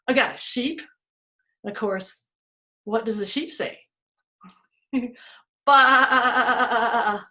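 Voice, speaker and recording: This is a woman with a fairly high voice hosting a children's museum storytime, full of playful animation as she makes animal noises and sound words for young listeners.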